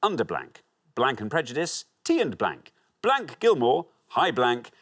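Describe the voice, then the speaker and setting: A man's voice: mid-range voice, huge pitch swings, a little slow, fairly bright tone. A man hosting a TV quiz show, chatty and jovial with the contestants. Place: TV studio.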